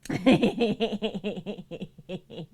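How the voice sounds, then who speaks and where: Drawing out her words in a slightly rough, somewhat mellow voice, a woman chats casually with viewers during a livestream. She laughs a lot, reads messages aloud, and switches to a high, sing-song voice for her cats.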